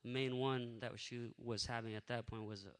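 A man telling a faith testimony in a lively, casual way, acting out what people said. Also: medium pitch, normal speed, clear, resonant tone, in a large hall. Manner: energetic, animated storyteller who acts out what people said. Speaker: speaker sharing a faith testimony.

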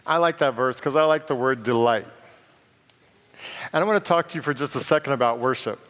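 A man's voice: medium pitch, a little fast, fairly bright tone. Man preaching casually in an echoing hall. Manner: conversational and joking, reading scripture aloud. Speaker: pastor. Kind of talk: sermon. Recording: long reverb of a large hall.

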